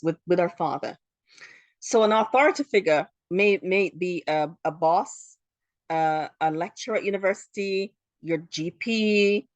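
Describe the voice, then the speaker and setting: A woman's voice: fairly low pitch, dry recording. A woman from Jamaica who works as a therapist, hosting a solo podcast and explaining ideas earnestly, often repeating words as she goes.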